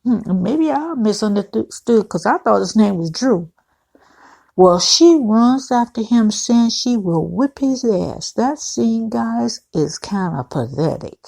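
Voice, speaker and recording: A woman's voice: fairly high pitch, animated, slow, creaky, dark tone, husky. A woman recapping a TV episode in a chatty, opinionated vlog, often calling her viewers guys. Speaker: TV recap vlogger. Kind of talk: casual episode recap with commentary.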